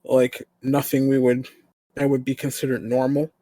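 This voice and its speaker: A man's voice: medium pitch, monotone, normal speed, warm tone, no echo. A man playing a tabletop game, thinking aloud with hesitant restarts. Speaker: player. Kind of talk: casual tabletop play.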